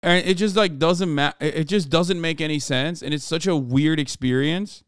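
Male streamer, fairly high and smooth, swears freely, rambles and restarts, animated. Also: normal speed, few pauses, no echo, studio quality. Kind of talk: casual livestream chat.

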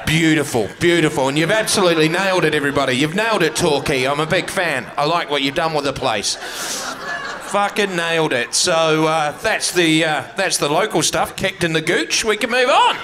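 A middle-aged man from New Zealand with a New Zealand accent, doing a brash, sweary stand-up set and loud crowd work on a comedy club stage. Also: on the high side, expressive, moderate pace, background noise.

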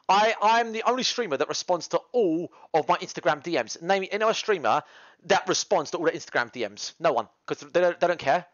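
Brief: male livestreamer, brash rambling chat, animated, dull camera-mic sound. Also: high-pitched, a little fast, no echo, faint music behind. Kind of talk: casual cooking livestream chat. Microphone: GoPro camera mic.

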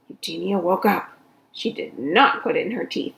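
A woman reading a children's story aloud in an expressive storytelling voice. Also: on the low side, normal speed, gravelly, rough recording. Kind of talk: read-aloud storytelling for kids.

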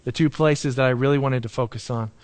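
A man preaching a sermon as pastor, earnest and warm-humored, slowing down and dropping low to stress key points. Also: steady tone, dry recording. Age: adult, married with young children. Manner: earnest, slows and drops low for emphasis; self-deprecating humor.

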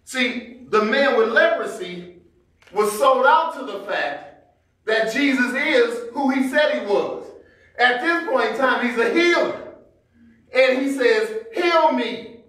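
High-voiced preacher in an echoey church. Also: male voice, animated, slow, a bit bright. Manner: conversational Black church preaching, acting out everyday scenes. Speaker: pastor. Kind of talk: sermon. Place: church sanctuary. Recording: very echoey church hall, distant mic.

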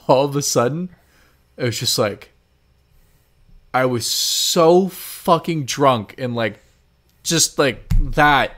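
A man's voice: medium pitch, wildly swooping pitch, extremely slow, pauses often, fairly bright tone. Young guy on a podcast rambling thru a story, says like every other word, swears a ton, keeps cracking up. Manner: rambling storyteller, heavy use of "like" and swearing, laughing often. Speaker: podcast co-host. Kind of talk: casual chat.

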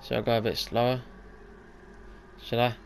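A man hosting a gaming channel, commenting live on his own play, talking to himself with mounting frustration and sudden loud outbursts when he fails. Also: medium pitch, flat delivery, moderate pace, creaky, slight background noise.

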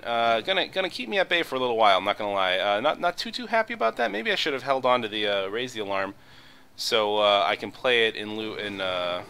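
A man's voice: on the low side, pushed and bright, slight background noise. A man giving casual, joking commentary over his own card game, rambling and poking fun at himself. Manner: joking, self-deprecating, rambling with fillers. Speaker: gaming video commentator.

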